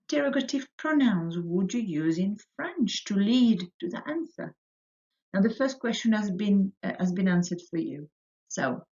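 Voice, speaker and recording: This lively woman, a primary school teacher with a mid-range voice, teaches French to kids in a recorded remote lesson. She goes slowly, drilling words for repetition and rising on the French ones, over dull lo-fi audio.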